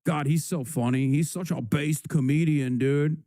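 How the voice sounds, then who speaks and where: A male streamer rants hotly and swears freely while he reacts on his live stream. His voice sits a little high for a man, with a mellow, soft-edged tone. The sound is close and dry. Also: steady tone, unhurried, no echo. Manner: profane, heated ranting. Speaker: livestream host.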